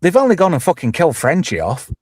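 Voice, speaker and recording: Hosting a live chat show, a man with an East Midlands English accent bantered casually in a fairly high voice that swoops wildly in pitch. He talks fast, bluntly and jokily, swearing and rambling, and the recording is very noisy.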